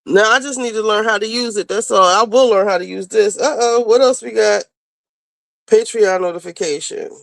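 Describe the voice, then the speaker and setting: A woman hosting a casual livestream, chatting to viewers and getting loud and teary with excitement over new supporters. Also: mid-range voice, moderate pace, vocal fry, no room sound. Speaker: livestream host.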